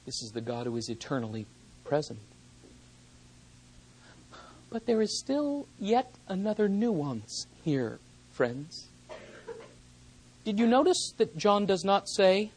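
A preacher delivering a sermon, talking emphatically and swinging between hushed and loud. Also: medium pitch, big pitch swings, breathy edge, rough recording. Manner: slows down for quoted verses.

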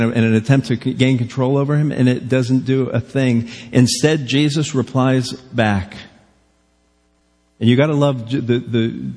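A man preaching from the pulpit with a husky, slightly breathy voice, his words trailing off into the long reverb of a church hall. He is earnest and keeps pressing the congregation with direct questions. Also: mid-range voice, a little mellow. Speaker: pastor. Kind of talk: sermon. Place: church sanctuary.

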